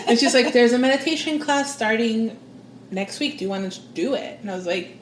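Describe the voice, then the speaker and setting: A woman guest on a podcast, a psychic and spiritual coach, tells a personal story a little fast and with lively expression. She acts out the voices she quotes, jumping widely in pitch. The sound is roomy, with slight background noise.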